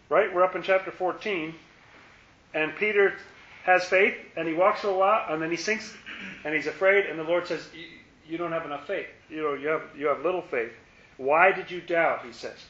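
A man's voice: fairly high pitch, a bit bright. Man teaching a Bible study, echoey room. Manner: conversational, repeats words, asks the group questions. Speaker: pastor leading a Bible study. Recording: echoey room, muffled lo-fi sound.

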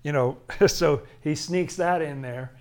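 A man's voice: fairly high pitch, takes it slowly. A man leading a Bible study, commenting on scripture in a casual, chatty way with frequent chuckles and emphatic asides.

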